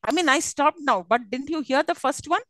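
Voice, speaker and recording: Woman, Indian English accent, university lecturer, higher voice, lots of fillers, dry recording. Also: a little fast, fairly bright tone, no room sound, rough recording. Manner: explanatory, many fillers and restarts, checks in with the class. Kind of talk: live online lecture.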